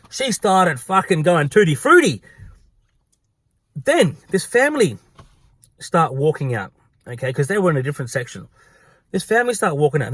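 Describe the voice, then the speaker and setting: Animated, swearing Australian man. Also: a little high, husky, dry recording. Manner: animated, profane, gossipy. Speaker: pub worker. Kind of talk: storytelling vlog.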